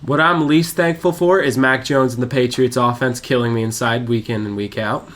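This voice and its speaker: A man's voice: mid-range voice, fairly even intonation, moderate pace, fairly bright tone. A young man hosting a casual sports podcast segment, playful and teasing, slipping into a mock announcer voice. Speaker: podcast co-host running a segment game.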